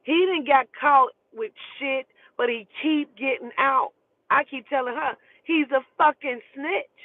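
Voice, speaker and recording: A woman's voice: high voice, measured pace, dry recording. A woman telling a story in a casual, profane and emphatic way. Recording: tinny phone line, dry.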